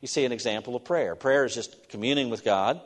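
A man preaching a sermon in a church, earnest and halting, with restarts as he talks. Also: medium pitch. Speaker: pastor. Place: church sanctuary. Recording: long hall reverb.

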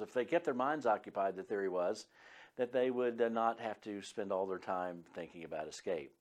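A man's voice: lowish voice, a little mellow. A man, a pastor and Bible teacher, preaching an earnest, emphatic sermon with frequent fillers. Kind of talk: radio sermon.

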